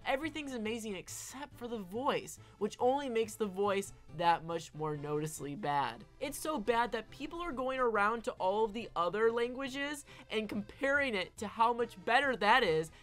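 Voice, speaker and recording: A woman's voice: a little high, expressive, normal speed, hardly any pauses, a bit bright, faint music behind. Emphatic woman giving casual commentary. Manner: emphatic, often tags points with "all right?". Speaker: online film commentator.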